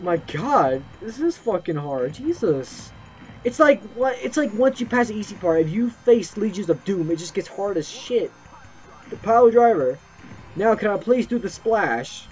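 A young man giving excited gameplay commentary, yelping and swearing as he plays. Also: high voice, normal speed. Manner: excitable, yelps and swears at the game. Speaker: gameplay streamer. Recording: muffled lo-fi mic with game music.

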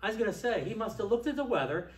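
A man preaching a sermon as pastor, animated, swinging between loud outbursts and quiet asides. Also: high voice, racing. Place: church sanctuary. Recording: echoey church hall from a distance.

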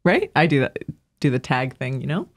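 An animated woman chatting as a guest on a podcast. She laughs easily and slips into mimicking the voices of people she talks about. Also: rumbling low, moderate pace. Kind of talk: casual chat.

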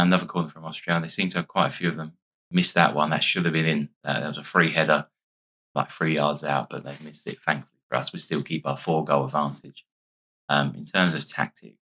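A man with an extremely low voice narrates his video game in a loose, chatty way, thinking out loud between plays. His voice is hoarse and worn, yet it keeps a bright, pushing edge. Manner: chatty, thinking aloud while playing. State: losing his voice. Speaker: gaming YouTuber. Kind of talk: casual let's-play commentary.

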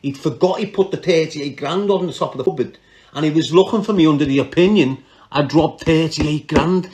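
This podcast storyteller is a man with a Scouse accent from Liverpool, speaking briskly in a fairly high, darkish voice. He tells a crime story in slangy, casual talk, laughing a lot and cutting himself off mid-sentence.

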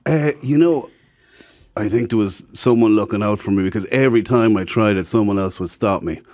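Brisk and lowish in pitch, this Irish man is a guest spinning casual anecdotes. He speaks plainly, turning animated as he plays out the voices of those he quotes.

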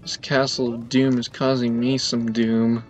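A man talks over his own gameplay at a slightly slow pace, his medium-pitched voice flat as he complains with drama and exasperation about a hard level. This let's play commentary was recorded with a dull lo-fi mic, and faint game music can be heard.

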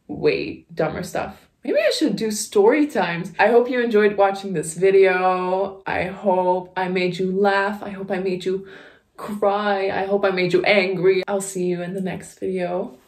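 Young female vlogger, offhand and sarcastic, swears freely. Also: medium pitch. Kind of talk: casual reaction commentary.

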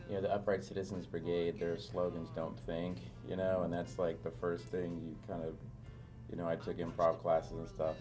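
A man being interviewed as an actor, chatting casually and rambling through stories full of fillers. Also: low-pitched. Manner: rambling, filler-heavy storytelling. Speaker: actor guest.

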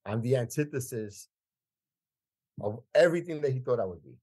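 Husky man in his fifties, emphatic podcast guest, mid-range pitch. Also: expressive, moderate pace, a little mellow. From Queens, New York. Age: 50s. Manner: emphatic, repeats phrases for weight. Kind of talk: conversational storytelling.

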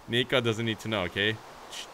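A man's voice: fairly low pitch, noisy background. A young man narrating a Minecraft let's play, chatting playfully to his viewers and often breaking into squeals and baby talk. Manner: bursts into shrieks and baby talk at his horse. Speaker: gaming YouTuber.

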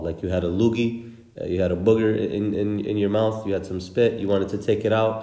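A man's voice: low-pitched, steady tone, normal speed, mellow, reverberant. A man teaching the Arabic letters for Quran recitation, patiently drilling each sound with repeated examples. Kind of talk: instructional lesson.

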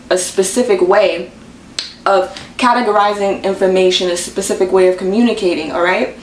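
A woman explains astrology in a relaxed teaching manner and keeps checking in with "okay?" and "all right?" Her voice sounds roomy and a little off-mic, with a faint hiss underneath. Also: medium pitch. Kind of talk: casual explanatory lesson. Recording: roomy, slightly distant mic with faint background noise.

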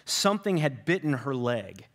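A man preaching as pastor in a loose, conversational way, with frequent fillers and restarts. His voice sits at a middle pitch. He delivers a sermon. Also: big pitch swings, normal speed, fairly bright tone.

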